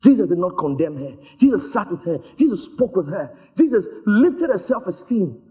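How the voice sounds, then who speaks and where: Animated high-voiced male preacher. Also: moderate pace. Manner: animated storytelling, acts out voices. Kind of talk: sermon.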